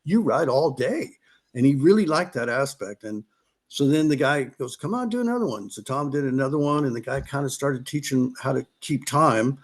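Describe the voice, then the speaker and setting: Rambling middle-aged racer telling stories. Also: male voice, medium pitch, moderate pace. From California. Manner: rambling, restarts, acts out quotes. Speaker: podcast guest, former off-road racer. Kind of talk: casual storytelling.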